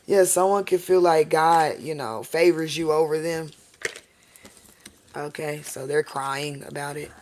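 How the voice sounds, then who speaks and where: In an unhurried, mid-range voice with a touch of mellowness, a tarot reader rambles through a live-stream reading. The talk is loose and profane, peppered with check-ins like "okay?" and "all right?" aimed at viewers.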